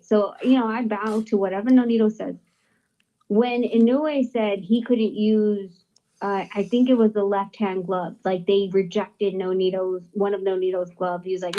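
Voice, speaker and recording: A woman's voice: mid-range voice, steady tone, normal speed, warm tone, highs cut off. A woman who is a guest from a boxer's team, telling a story in a blunt, profane way and acting out the dialogue. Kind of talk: casual storytelling.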